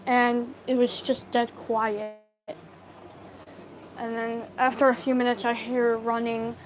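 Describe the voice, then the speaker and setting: A woman with a high voice tells a story to live viewers into her phone, taking her time. She talks in a halting way, full of fillers and restarts. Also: flat delivery, slight background noise, low-quality recording. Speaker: livestream storyteller.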